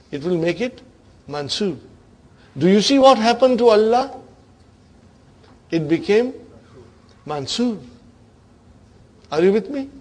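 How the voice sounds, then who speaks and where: Slow-paced male grammar teacher quizzing. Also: high voice, darkish tone. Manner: quizzing students with repeated questions. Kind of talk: classroom grammar lesson.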